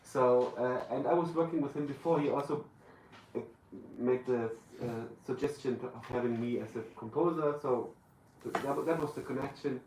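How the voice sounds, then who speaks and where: A man's voice: medium pitch, normal speed, darkish tone. A man with a German accent, a guest in a live podcast interview, searching for his words as he talks. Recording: roomy live venue, distant mic, faint room noise.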